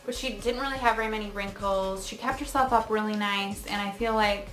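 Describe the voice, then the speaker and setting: A woman's voice: medium pitch, fairly even intonation, brisk, a bit bright, reverberant, faint music behind. A woman in her thirties, a beauty vlogger chatting casually about her skincare routine in a rambling way, with many fillers and asides. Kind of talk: casual chatty product review.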